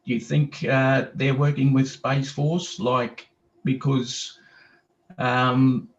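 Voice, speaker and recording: An Australian man calls in to a show, rambling in a friendly, hesitant way full of ums. His line sounds dull and lo-fi, and his pitch is ordinary. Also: little pitch movement, slow. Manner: chatty, hesitant, lots of ums. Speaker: caller. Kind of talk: casual call-in chat. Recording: dull lo-fi call audio.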